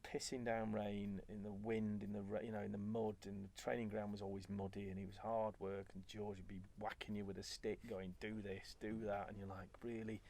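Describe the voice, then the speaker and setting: Low, gravelly male guest who tells animated stories in chat. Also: fairly quick, hardly any pauses. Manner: animated, acts out quoted remarks. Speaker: former footballer guest. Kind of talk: conversational storytelling.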